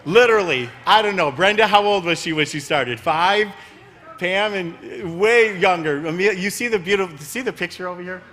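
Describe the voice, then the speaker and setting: Man, church staff, announcements, bright higher voice, rambling. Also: moderate pace. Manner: warm, rambling, grows emotional. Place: church sanctuary.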